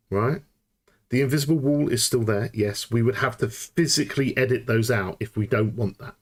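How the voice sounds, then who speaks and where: A man hosting a live gameplay tutorial, thinking aloud and getting excited as he works things out, often restarting sentences. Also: mid-range voice, slight background noise. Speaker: tutorial host.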